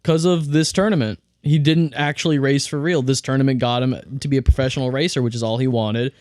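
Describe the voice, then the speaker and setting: A man's voice: mid-range voice, fairly even intonation, a little fast, darkish tone, no room sound, studio quality. A man co-hosting a podcast, chatting casually about a movie he liked, often restarting his sentences. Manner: enthusiastic, repeats words when restarting. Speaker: podcast co-host. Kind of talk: casual film review chat.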